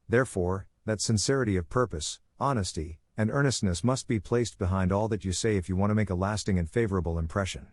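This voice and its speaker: Male audiobook narrator, lowish voice, measured read, dry close sound. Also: a little mellow, dry recording. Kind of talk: scripted narration.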